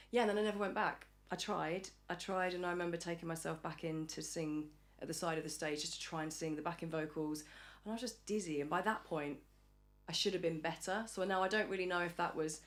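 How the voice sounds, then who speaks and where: An English woman in a casual podcast interview, chatty and acting out the voices of people she quotes. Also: low voice. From England. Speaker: podcast guest. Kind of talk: casual chat.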